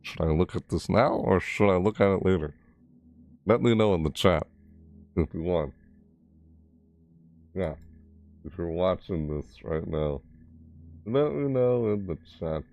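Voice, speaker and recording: A man hosting a casual gaming video, rambling goofily, talking to himself and reading event text aloud haltingly. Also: sits low, expressive, darkish tone. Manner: rambling and goofy, talks to himself and reads haltingly. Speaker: gaming channel host.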